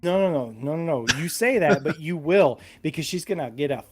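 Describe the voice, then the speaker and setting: A slightly drunk man in casual chat, rambling and profane, insisting loudly on his points. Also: a little high, lively intonation, fairly quick, crowd noise. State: tipsy. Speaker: podcast co-host.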